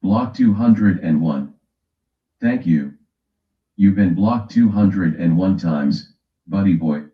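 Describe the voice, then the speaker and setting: Deep-voiced guy messing with his stream chat, slow drawl, dull muffled sound. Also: lively intonation. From West Coast of the US. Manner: teasing, joking with chat, reads a running timer aloud. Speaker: livestream host. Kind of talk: casual livestream chat. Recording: echoey room, dull lo-fi sound.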